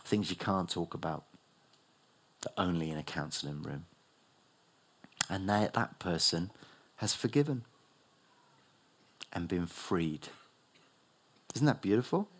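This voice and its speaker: A middle-aged New man preaching a sermon as pastor, rising loud and high for emphasis and dropping low and soft. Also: slow pace, pauses often, slightly rough. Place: church hall.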